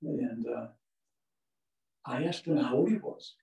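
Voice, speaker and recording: A man's voice: mid-range voice, slow, gravelly, mellow. A man from Ohio telling folksy, rambling stories in a lecture over a video call. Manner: folksy, rambling, with many uh fillers. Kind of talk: storytelling lecture. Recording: echoey, distant from the mic.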